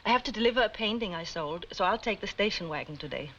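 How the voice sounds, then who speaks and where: A woman's voice: mid-range voice, expressive, fast talker, a bit bright, slight background noise, natural voice. A woman playing a poised, polite gallery owner in a 1950s TV drama. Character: poised woman who owns an art gallery. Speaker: art gallery owner and wife. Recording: dull lo-fi 1950s TV soundtrack.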